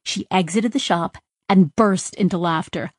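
A woman's voice: lowish voice, measured pace, no room sound, studio quality. Woman narrating a story evenly. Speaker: audiobook narrator. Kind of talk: scripted narration.

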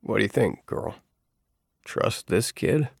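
A man's voice: fairly low pitch, lively intonation, takes it slowly, vocal fry, slightly rough, no room sound, clean studio sound, full character voice. A man doing a grouchy old man. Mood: gruff, wry. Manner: curt, wry.

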